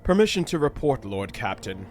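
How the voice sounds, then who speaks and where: A dutiful male ship's vox officer delivering an ornate, formal report to his captain, read by a man close to his own voice. The phrasing is stiff and ceremonious. The pitch sits a touch above a plain middle. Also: very animated, normal speed, darkish tone, faint music behind, natural voice.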